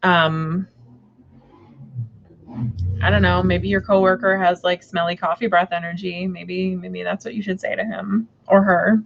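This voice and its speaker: A woman's voice: on the low side, fairly even intonation, a little slow, vocal fry, pauses often, muffled recording, a little hiss or hum. A woman chatting casually on a live stream, rambling with many fillers and restarts. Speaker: tarot reader and shop owner.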